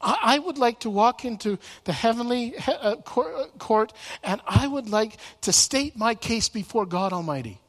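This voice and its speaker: A man's voice: very high voice, expressive, moderate pace, few pauses, a bit bright, voice pushed up, heavily acted. A man voicing an anguished ancient man who pleads his innocence, stammering over his words. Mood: yearning. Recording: long reverb in a large room.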